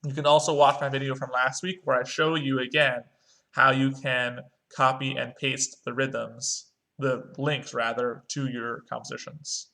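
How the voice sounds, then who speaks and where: New guy teaching music online, a bit gravelly, mid pitch, explains each click. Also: little pitch movement, measured pace, bright, forceful tone. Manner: talks through clicks step by step, chants rhythm syllables. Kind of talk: screen-recorded online lesson.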